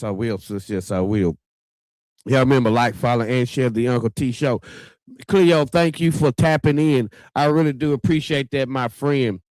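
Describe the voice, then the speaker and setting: A man's voice: mid-range voice, no echo. A man hosting a casual livestream talk show in a chatty, folksy way, constantly addressing the viewers.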